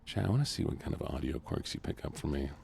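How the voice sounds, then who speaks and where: A soft-spoken man with a Southern US accent, chatting with viewers during a relaxed gaming stream. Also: rumbling low, quick pace, gravelly, a little hiss or hum. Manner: relaxed, chatting to viewers between game moments.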